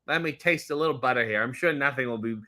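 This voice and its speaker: A man's voice: medium pitch, fast, pushed and bright, natural voice. A man voicing a silly six-year-old boy who narrates himself shaving with butter in a whiny, wondering way. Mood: giddy.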